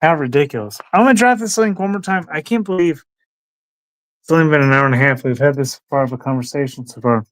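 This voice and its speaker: A man's voice: a little high, fast, fairly bright tone, no echo. A man hosting a casual livestream, rambling and musing aloud, sometimes talking to his dog. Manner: rambling, talks to his dog between thoughts. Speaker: livestream host.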